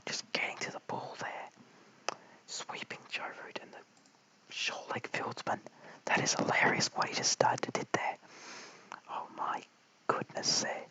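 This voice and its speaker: An Australian man giving whispered cricket commentary late at night at home, mic held very close, hushed and apologetic as he chats with viewers. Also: unhurried, pauses often, rough recording. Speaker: live stream cricket commentator. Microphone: held very close to the mouth.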